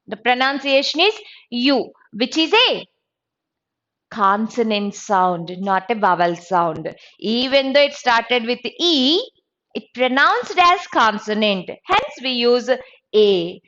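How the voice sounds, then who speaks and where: Woman teacher, grammar lesson, lively high voice, deliberate delivery, dull lo-fi sound. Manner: slow, deliberate, spells out letters and sounds. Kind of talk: exam-prep grammar lesson.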